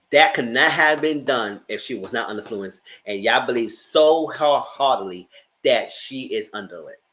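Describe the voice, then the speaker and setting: A man hosting a casual TV review, talking in an animated, blunt way and swearing freely. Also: fairly low pitch, poor audio. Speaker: show recap host.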